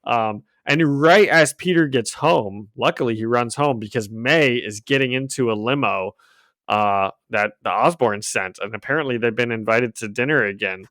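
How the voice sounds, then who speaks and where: A man's voice: mid-range voice, moderate pace, fairly bright tone, no echo. A man co-hosting a podcast, recapping a comic in casual chat, laughing often and rambling with fillers, on a home microphone. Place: home room.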